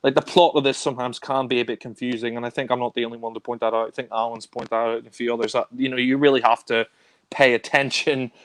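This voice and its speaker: A man's voice: mid-range voice, little pitch movement, fast, fairly bright tone. A man casually reviewing spy films, rambling with many fillers and restarts. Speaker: film reviewer. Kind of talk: casual film discussion.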